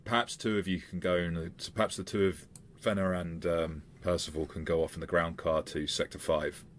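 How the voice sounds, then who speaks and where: A man running a tabletop game as game master, narrating in a halting way with frequent fillers. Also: sits low, level tone, a little hiss or hum. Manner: halting, with many fillers and restarts.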